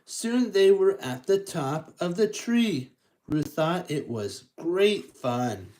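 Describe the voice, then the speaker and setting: A storytime reader reading a picture book to young children, slow and halting, with stumbles and asides. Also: medium pitch, sing-song, darkish tone, rough recording.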